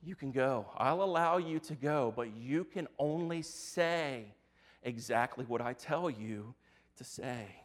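Calm, firm voice of God, plain and casual, played by a preacher. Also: male voice, mid-range voice, a little slow, close to an everyday voice. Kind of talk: acted quote in a sermon.

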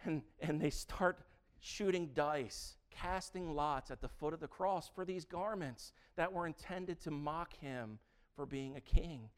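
Man, pastor, sermon, lively conversational preaching, a bit higher pitch. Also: unhurried, smooth. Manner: animated, conversational preaching with frequent restarts.

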